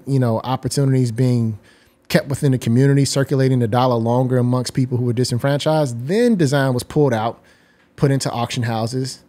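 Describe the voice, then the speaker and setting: Guest, man, 40s, articulate and reflective, mid-pitched voice. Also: mellow. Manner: articulate, explains ideas at length. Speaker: guest designer. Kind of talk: reflective interview talk.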